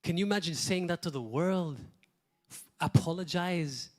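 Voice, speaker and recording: Pastor guy from malta preaching, kinda high voice, gets loud then goes quiet, lots of "right?". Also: moderate pace. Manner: earnest preaching, rhetorical questions, swings between loud emphasis and quiet asides. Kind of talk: sermon. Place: church.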